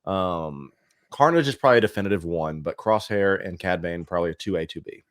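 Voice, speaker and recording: A man's voice: low voice, animated, a little fast, no echo, clean studio sound. A man from Cincinnati, co-hosting a casual podcast chat, blunt and opinionated, swearing freely. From Cincinnati, USA. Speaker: co-host.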